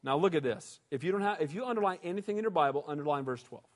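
A male pastor delivering an emphatic, animated sermon and often calling for amens. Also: fairly high pitch, racing. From United States. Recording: reverberant hall.

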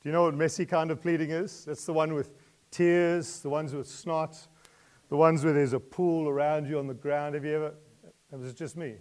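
A man preaching a sermon. He asks his listeners questions, laughs lightly between points, and moves from quiet asides to loud emotional pleas. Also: a little high, fairly even intonation, normal speed.

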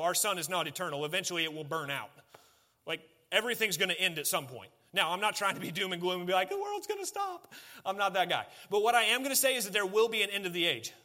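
Lively, bright-voiced preacher man. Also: high voice. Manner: conversational and animated, talking directly to the congregation. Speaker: pastor. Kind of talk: sermon.

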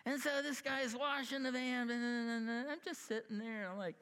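A man in his fifties preaching a sermon, telling a personal story in an animated way, acting out the voices of the people in it and laughing at himself. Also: very high voice, a little fast, smooth. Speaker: pastor. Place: church sanctuary. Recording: long hall reverb.

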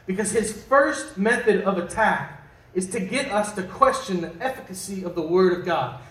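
High-voiced pastor preaching in an echoey hall. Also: male voice, fairly bright tone. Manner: conversational, asks the congregation questions, jokes. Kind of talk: sermon. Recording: echoey room from a distant mic.

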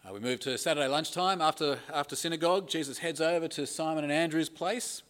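A man's voice: fairly high pitch, fast, a bit bright, clean tone. A middle-aged man preaching a conversational sermon and reading scripture aloud with emphasis. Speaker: pastor.

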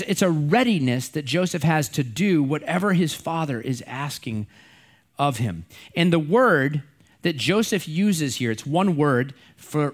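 Man preaching a conversational sermon. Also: fairly high pitch. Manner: conversational, repeats words and restarts, stresses key words. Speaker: pastor.

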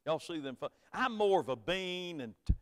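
A middle-aged pastor with a Southern American accent preaches a sermon in a folksy, storytelling style, moving between quiet asides and loud, emphatic preaching. His voice sits on the high side, expressive and at a moderate pace. The recording carries hall reverb.

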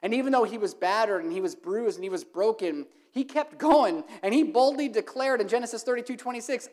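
A woman's voice: fairly high pitch, fairly quick, hardly any pauses, a little mellow. A woman preaching a sermon to her congregation, emphatic and building to impassioned, repeated questions. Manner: emphatic, rising to impassioned repetition.

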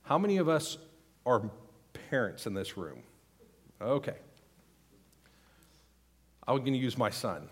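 A man in his thirties delivering a sermon in a church, his voice a little husky. He speaks unhurriedly, with a lively rise and fall, teaching earnestly and pleading his points to the congregation. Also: medium pitch, measured pace, long pauses. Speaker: pastor.

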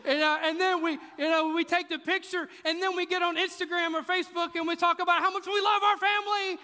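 A pastor delivers a sermon in a church auditorium, his voice pitched extremely high with a level, pushed, bright tone and a brisk pace. He keeps it conversational and joking, hammering his points home through emphatic repetition, and the recording carries the echo of the church hall.

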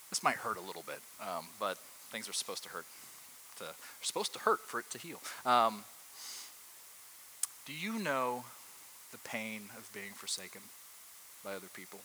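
A man's voice: fairly low pitch, bright, forceful tone, a little hiss or hum, poor audio. A man preaching a sermon to a room in a conversational way, often asking his listeners rhetorical questions.

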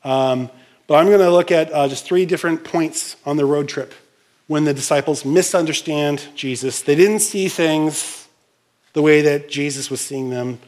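Animated male preacher, slightly high voice. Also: moderate pace. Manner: animated, uses props and acts out scenes; conversational with asides to the congregation. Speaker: pastor. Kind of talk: sermon.

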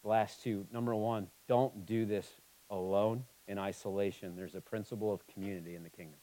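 A man preaching a sermon, moving between emphatic, passionate stretches and quiet, somber ones. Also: fairly low pitch, steady tone, a little fast, low-quality recording. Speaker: pastor.

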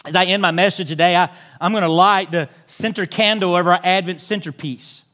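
A man's voice: high voice, fairly even intonation, a little fast, bright, forceful tone. A pastor preaching a sermon in a church, making earnest, direct appeals to his congregation. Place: church sanctuary.

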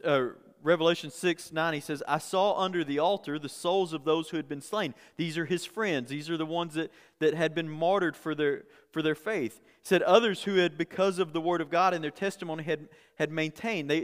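A man's voice: fairly high pitch, fairly quick, few pauses, clear, resonant tone, big-room sound. A man preaching a sermon in a conversational way, often repeating words and building to emphatic peaks. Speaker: pastor.

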